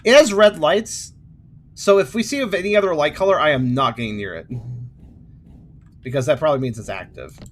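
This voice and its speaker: A man narrates his own playthrough of a game, his voice rising and falling in an animated way. He chats casually, trails off into little asides and laughs at his own jokes. A faint hum sits under the recording. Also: mid-range voice, fast talker. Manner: chatty, muttering asides, laughs often. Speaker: let's play host. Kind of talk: gameplay commentary.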